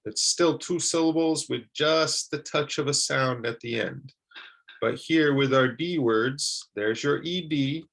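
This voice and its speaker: Slow, gravelly man teaching pronunciation. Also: mid-range voice, a bit bright. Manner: stretches out and repeats example words carefully. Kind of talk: slow, deliberate pronunciation lesson.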